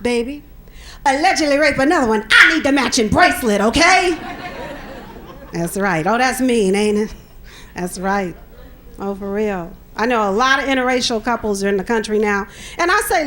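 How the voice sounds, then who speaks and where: A woman's voice: high voice, a bit bright. A middle-aged woman doing a stand-up comedy set, sassy and punchy, laughing at her own jokes.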